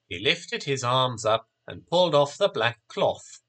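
A man narrating a storybook in a slow, expressive reading. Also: mid-range voice.

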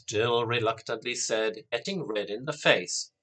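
A man narrating a story in a measured, plain way. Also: medium pitch, sharp tone.

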